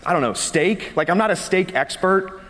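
A man's voice: high-pitched, animated, normal speed, a bit bright. A man in his thirties, a pastor giving a chatty, conversational sermon and laughing easily between his words. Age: 30s. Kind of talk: conversational sermon with personal story. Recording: long reverb of a large hall.

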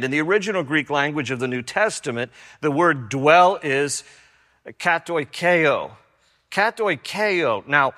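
Bright-voiced preacher in a reverberant hall. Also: male voice. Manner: animated storytelling, rising loud and high in anecdotes, dropping soft for reflection. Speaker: pastor. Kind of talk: sermon.

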